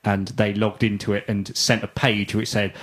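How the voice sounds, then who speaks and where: A man's voice: on the low side, level tone, a bit bright. A man on a tech podcast panel, firing off probing questions one after another. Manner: probing, rapid-fire questions. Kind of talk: casual tech discussion.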